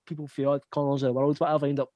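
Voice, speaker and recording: Young Scottish man telling stories, slightly high voice. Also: flat delivery, racing, dark tone, no echo, dull audio. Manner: swears often, laughs through anecdotes. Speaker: podcast host. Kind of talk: casual storytelling chat.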